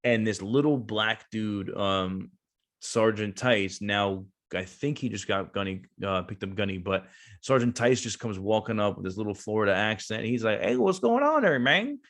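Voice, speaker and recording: A man's voice: lowish voice, fairly even intonation, normal speed, fairly bright tone. A man around thirty, a veteran business owner, telling a long casual story as a guest, with lots of fillers and restarts. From New Jersey.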